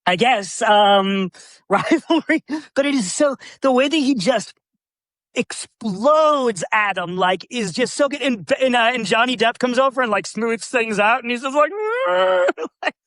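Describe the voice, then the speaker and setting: A man co-hosting a casual movie podcast. He laughs often and acts out quoted lines in animated voices. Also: very high voice, unhurried, no echo. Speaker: podcast co-host.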